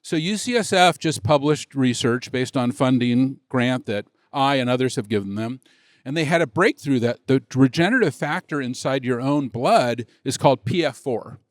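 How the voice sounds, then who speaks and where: A middle-aged man, a tech executive, telling a rambling story on a conference stage, acting out the dialogue with excitement. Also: medium pitch, moderate pace, no echo, studio quality. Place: conference stage before an audience.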